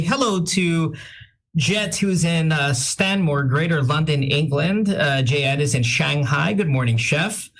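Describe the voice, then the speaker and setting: A male radio host in casual chat, reading out listener shout-outs with quick self-deprecating asides and a slightly sick-sounding voice. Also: on the high side. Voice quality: says he sounds a bit sick.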